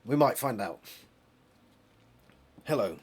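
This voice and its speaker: British man, husky, reads a novel aloud with chatty commentary and self-corrections. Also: medium pitch, animated, moderate pace. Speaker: reader of a book series.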